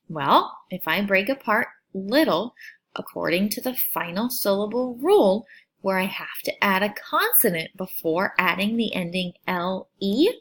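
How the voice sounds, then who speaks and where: In a recorded phonics lesson for children, a female teacher sounds out syllables slowly and clearly, over-enunciating each one. Her voice is medium-pitched and a bit bright.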